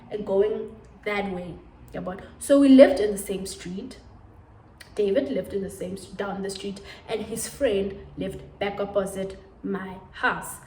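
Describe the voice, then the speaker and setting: A woman's voice: medium pitch, warm tone, roomy sound, distant mic. A young woman in her twenties with a South African accent, telling a dramatic storytime to her viewers in a casual vlog, recorded on a phone camera. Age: 20s. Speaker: YouTuber.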